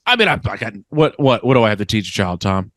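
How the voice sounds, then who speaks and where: A man's voice: lowish voice, animated, quick pace, fairly bright tone, no echo. A man co-hosting a comedy podcast, joking in a dry, mock-serious, riffing way. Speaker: podcast co-host. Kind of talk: casual comedy chat.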